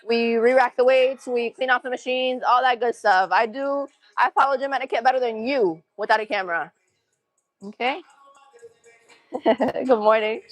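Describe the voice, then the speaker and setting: A woman's voice: fairly high pitch, normal speed, no echo, faint music behind, low-quality recording. A young adult woman from Massachusetts with a Massachusetts accent, livestreaming a gym workout, counting reps aloud and chatting casually with viewers. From Massachusetts, USA. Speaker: fitness livestreamer. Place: gym, indoors.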